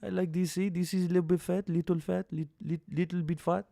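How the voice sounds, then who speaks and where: A man doing an impression of a soft-spoken, stoic male fighter, speaking in flat, broken English. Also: high voice, fast, creaky, no room sound, studio quality. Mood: deadpan. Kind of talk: comedic impression on a live stream.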